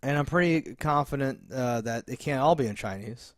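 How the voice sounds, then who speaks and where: A man co-hosting a casual trailer review, rambling with many restarts and jumping into excited quoted voices. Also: mid-range voice, moderate pace, no room sound, clean studio sound. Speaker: co-host.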